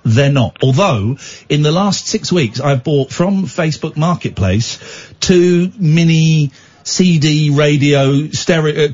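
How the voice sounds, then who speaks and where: A man's voice: a little high, a little mellow. A man hosting a late-night radio show, chatty and joking, often stumbling and restarting his sentences. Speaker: radio host. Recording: dull lo-fi broadcast audio.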